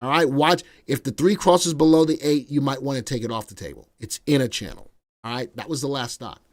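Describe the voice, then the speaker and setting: A middle-aged man hosting a live stock market stream, chatting energetically and playfully with viewers, even breaking into song. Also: medium pitch, brisk. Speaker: stock market analyst host.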